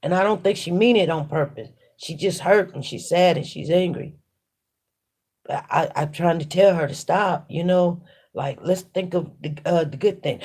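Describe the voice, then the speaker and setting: A woman's voice: lowish voice, normal speed, darkish tone, breathy edge. A woman hosting a casual livestream, talking through her thoughts in an emphatic, repetitive way while she works. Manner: repetitive, emphatic, faith-centred musing. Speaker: livestream host. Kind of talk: casual spoken reflection while working.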